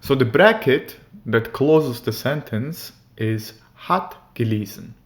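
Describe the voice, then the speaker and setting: A man teaching grammar, explaining sentence structure step by step and reading out example sentences slowly and carefully. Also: medium pitch, lively intonation. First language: German. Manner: slow, deliberate, reads German examples carefully. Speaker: language teacher.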